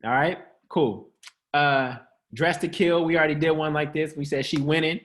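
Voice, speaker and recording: A man's voice: a little high, fairly even intonation, moderate pace, fairly bright tone. A man hosting an upbeat motivational teaching session in a casual, slangy way, joking, laughing often and quizzing his listeners. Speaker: host of an online church-style teaching.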